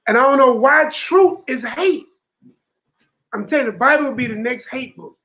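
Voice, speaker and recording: A man leads a Bible study with an emphatic preaching delivery, his voice sitting notably high. He keeps checking in with the listeners around him. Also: normal speed, pushed and bright, low-quality recording. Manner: emphatic, repeats "you know what I'm saying". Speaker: teacher leading a Bible study. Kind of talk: preaching to a room of brothers.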